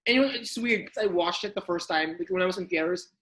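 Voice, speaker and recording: A man's voice: sits high, fast talker, a bit bright, poor audio. A man co-hosting a podcast in casual chat, rambling with stammered restarts and swearing for emphasis. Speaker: podcast co-host.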